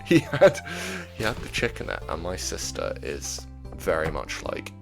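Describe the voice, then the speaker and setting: A man hosting a gaming channel, telling rambling, chatty stories with plenty of fillers in relaxed commentary meant for sleep. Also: low-pitched, normal speed, creaky, poor audio. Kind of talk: relaxed commentary over gameplay, made for sleep. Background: music.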